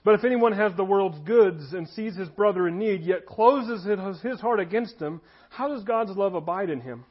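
High-voiced man preaching, dull recording. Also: normal speed, slightly rough. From United States. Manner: conversational preaching, shifts into voiced anecdotes. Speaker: pastor. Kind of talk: sermon. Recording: dull lo-fi audio.

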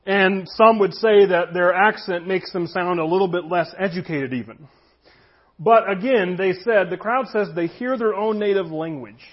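The recording is muffled as a pastor with a high voice addresses his congregation in a church room at a moderate pace. His sermon is conversational, mixing scripture read aloud with stories.

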